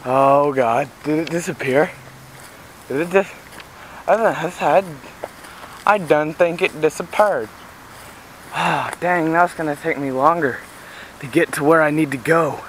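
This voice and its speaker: A goofy young man with a high voice rambles and jokes as he walks along a busy road with a handheld camera. Traffic noise comes through clearly on the camera's built-in mic. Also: low-quality recording. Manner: goofy, rambling, yelling at passing cars. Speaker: vlogger. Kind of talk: joking walk-and-talk vlog. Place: outdoors beside a busy road. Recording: outdoor camera audio with loud traffic. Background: passing traffic.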